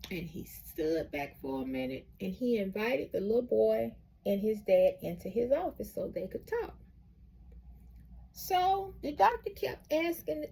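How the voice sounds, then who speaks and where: A woman storyteller with a high, lively voice that swoops between phrases. She talks slowly and with animation, adding preacherly exclamations. Her voice is husky and gravelly. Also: slight background noise. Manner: animated, laughing through the story. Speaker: motivational storyteller. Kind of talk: storytelling with a moral.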